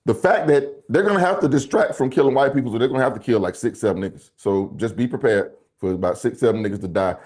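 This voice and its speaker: Male podcast co-host, casual and jokey, quick to laugh. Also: mid-range voice, a little mellow.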